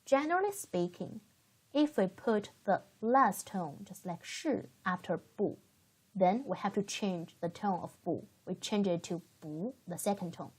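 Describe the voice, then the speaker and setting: Slow, breathy woman teacher. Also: mid-range voice, lively intonation, darkish tone. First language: Chinese. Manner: patient, explains step by step and models words for learners to repeat. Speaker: Chinese language teacher. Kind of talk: slow, careful language lesson.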